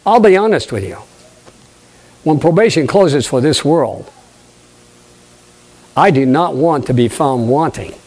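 An older man, a pastor, preaching a lively sermon, acting out conversations and questioning his congregation. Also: on the high side, unhurried, long pauses, slightly rough. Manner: animated preaching, acts out dialogue, asks the congregation questions.

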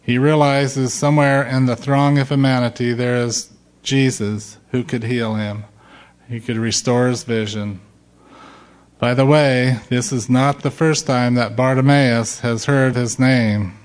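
Middle-aged male pastor; measured, slow sermon delivery with emphatic peaks. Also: medium pitch, steady tone, clean tone. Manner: slow, emphatic preaching, rising loud when quoting shouts.

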